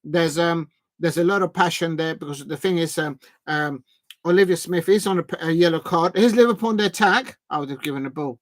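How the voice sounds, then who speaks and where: A fan stream host with a fairly high-pitched male voice runs a live watch-along, speaking a little fast on a dry recording. He commentates casually, full of fillers and restarts, chatting with viewers and reading out and thanking them.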